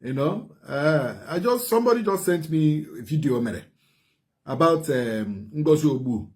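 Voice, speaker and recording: A man with an Igbo Nigerian accent giving impassioned commentary, repeating phrases in rapid bursts. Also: on the high side, animated, darkish tone.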